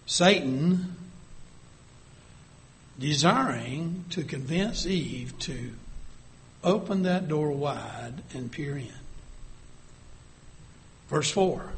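A man preaching a sermon, reading scripture aloud and dropping to a hush for vivid scenes. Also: a little high, slow pace, long pauses.

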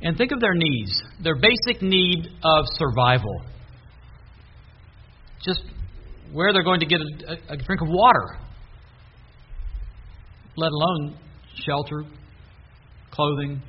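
Earnest male preacher, slightly high voice. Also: animated, slow pace, pauses often, breathy edge. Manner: earnest, reads scripture aloud with emphasis. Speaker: pastor. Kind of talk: sermon. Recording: dull lo-fi recording, faint hiss.

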